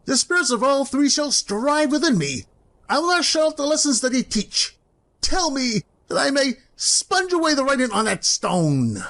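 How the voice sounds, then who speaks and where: A woman voicing a grumpy old miserly man in an animated film, pleading and dramatic. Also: high-pitched, normal speed, exaggerated voice.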